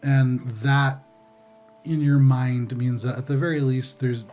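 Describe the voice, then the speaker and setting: A man narrating a tabletop game as game master, relaxed and descriptive with frequent pauses. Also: mid-range voice, faint music behind.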